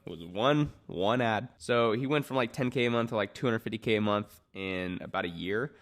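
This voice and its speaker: A man coaching service businesses on social media in a casual talking-head video, energetic and emphatic, with many "like" fillers. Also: fairly low pitch, a little fast. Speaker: marketing coach.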